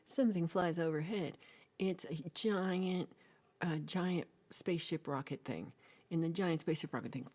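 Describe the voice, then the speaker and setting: Woman host, low, warm voice, playful rambling storyteller. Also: normal speed. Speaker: livestream host. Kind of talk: casual chat, retelling a film.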